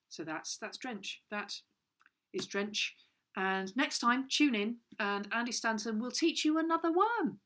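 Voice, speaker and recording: A woman's voice: on the high side, expressive, unhurried, fairly bright tone. A woman co-hosting a home lesson, telling a rambling, mock-serious comic story in a playful way. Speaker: co-host of a comedy kids' lesson.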